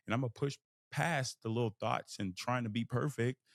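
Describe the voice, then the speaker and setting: A man hosting a podcast, giving a casual motivational monologue in an animated way, jumping into a high excited voice and laughing at himself. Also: fairly quick, gravelly, dry recording, clean studio sound. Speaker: podcast host.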